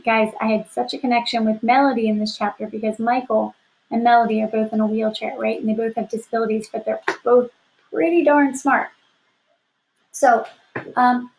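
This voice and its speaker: Woman, fourth grade teacher, slightly high voice, upbeat, encouraging, recorded lesson for children. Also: a little hiss or hum, poor audio. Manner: upbeat, encouraging, asks rhetorical questions. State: sleepy, yawning. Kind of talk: remote class lesson to children.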